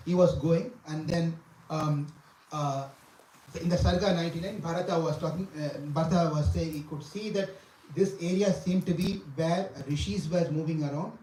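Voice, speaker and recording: A man leads a devotional scripture class, chanting verses and explaining each one. His voice sits a little high and he often repeats lines and questions his listeners. He is recorded from a distance in an echoing hall with a faint background hiss. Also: a little mellow. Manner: chants Sanskrit verses, then explains with repetition and questions to the audience. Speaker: scripture teacher. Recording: echoey room, from far off.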